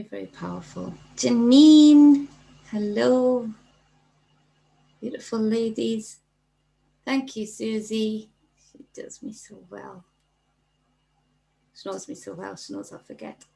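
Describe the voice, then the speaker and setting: Slow, gravelly Geordie woman chatting on a livestream. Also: a little high, low-quality recording. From North East England. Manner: chatty and affectionate, greets viewers by name, laughs often. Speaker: livestream host and spiritual coach. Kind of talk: casual livestream chat, reading out viewer comments.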